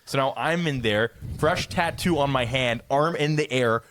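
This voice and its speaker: There's slight background noise as a man with a mid-range, somewhat bright voice, speaking at a moderate pace, spins a long, rambling story on the podcast he co-hosts. He curses a lot and keeps stumbling into restarts.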